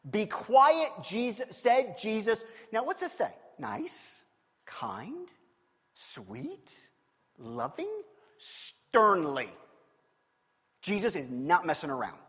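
A man preaching a sermon, animated and acting out scenes with shifting voices. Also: sits high, slow, long pauses, slightly rough, big-room sound. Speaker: pastor.

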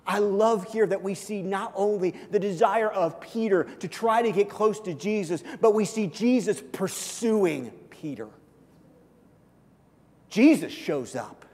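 Man, pastor, sermon, high-pitched, loud to hushed swings, long hall reverb. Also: unhurried. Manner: swings from loud urgent preaching to hushed soft delivery; acts out quoted voices in conversational asides.

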